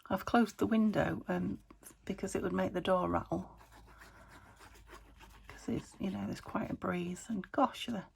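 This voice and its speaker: A woman's voice: mid-range voice, fairly even intonation, a little slow, gravelly, husky. A woman from the UK chatting casually to herself while crafting at home, often dropping to a whisper. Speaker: craft vlogger. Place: home craft room by a window.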